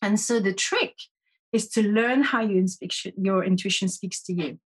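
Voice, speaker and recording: A woman's voice: mid-range voice, a little slow, husky. A woman who teaches intuition, a guest on a podcast, explaining her ideas earnestly with frequent restarts. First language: French. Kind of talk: conversational interview.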